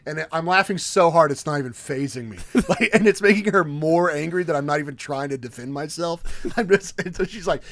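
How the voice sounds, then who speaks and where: His pitch is fairly high, and he talks briskly with hardly any pauses, recorded with no echo. He's a man in his thirties co-hosting a laid-back podcast, spinning animated stories and laughing often mid-sentence.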